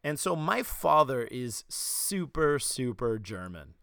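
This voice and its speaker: A man with a New York accent, hosting a podcast and telling animated stories in casual chat. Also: mid-range voice, slow, vocal fry, clear, resonant tone, dry recording, clean studio sound. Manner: animated storytelling, slipping into quoted voices. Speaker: podcast host.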